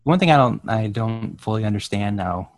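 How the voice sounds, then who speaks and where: A man's voice: lowish voice, expressive, normal speed. A man in casual podcast chat, asking puzzled, hesitant questions.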